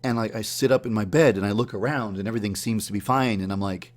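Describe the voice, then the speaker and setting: A man telling the story of a dream in a casual, animated way, acting out his own startled reactions in a higher voice. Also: quick pace, hardly any pauses. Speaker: YouTube channel host.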